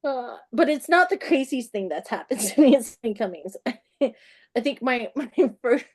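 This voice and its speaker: A woman author as an interview guest, telling stories in an animated way, often laughing and acting out the people in them. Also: fairly high pitch, a little slow. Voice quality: acts out the people in her stories.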